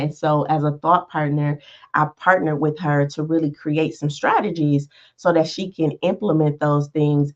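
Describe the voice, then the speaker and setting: A woman's voice: low voice, a little mellow, dull audio. A woman hosting a podcast as a life coach, talking in a casual motivational monologue, often checking in with "right?" and "all right". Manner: conversational, frequent "right?" and "all right" check-ins.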